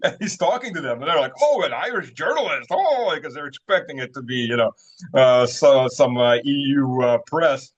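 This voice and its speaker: A man's voice: medium pitch, moderate pace. A man telling stories in a casual interview, rambling with many fillers and chuckling as he goes. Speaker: guest commentator. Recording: dull lo-fi sound.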